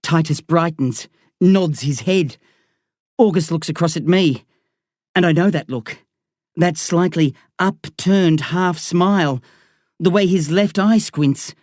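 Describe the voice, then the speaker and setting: Slow, intense woman narrating a novel. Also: lowish voice, darkish tone, no room sound, studio quality. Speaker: audiobook narrator. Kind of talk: first-person novel narration.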